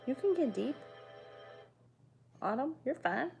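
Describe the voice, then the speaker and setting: A woman's voice: sits high, sing-song, slow pace, gravelly, a little mellow, lo-fi sound, faint music behind. A young woman streaming from home, chatting casually with her viewers, swearing freely and answering their comments. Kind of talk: casual chat.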